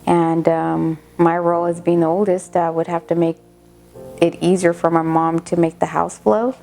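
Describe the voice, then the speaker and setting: Middle-aged woman, documentary interviewee, low mellow voice, candid and reflective. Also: level tone, vocal fry, soft background music. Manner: reflective, candid, halting with fillers. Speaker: interviewee, mother recalling teen pregnancy.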